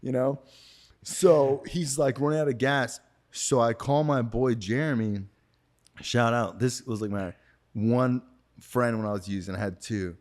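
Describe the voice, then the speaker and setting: A man who is a podcast guest, telling a story in casual talk. He swears freely, uses slang and acts out what other people said, getting loud and excited during the chase. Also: mid-range voice, a little slow. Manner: gets loud and excited when retelling the chase.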